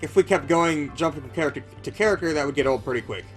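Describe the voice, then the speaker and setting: A man co-hosting a let's play, joking and laughing in a lively back-and-forth. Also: fairly high pitch, fast, soft background music. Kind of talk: casual gaming commentary.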